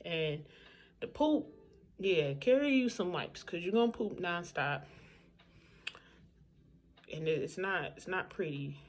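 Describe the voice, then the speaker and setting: A woman's voice: on the low side, lively intonation, takes it slowly, long pauses. A woman vlogging in a casual, candid chat, talking straight to her viewers.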